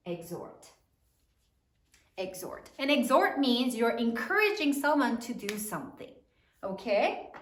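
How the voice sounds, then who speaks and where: A woman teacher leading a spelling lesson, slowly sounding out words letter by letter for young pupils. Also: a little high, sing-song, fairly bright tone. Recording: echoey room, mic at a distance.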